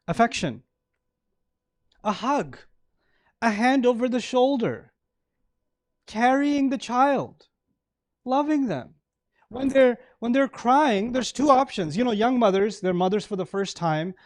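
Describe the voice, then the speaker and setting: A male preacher giving a sermon to an audience, animated, acting out everyday examples and laughing often. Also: very high voice, slow pace, pauses often, no room sound, studio quality.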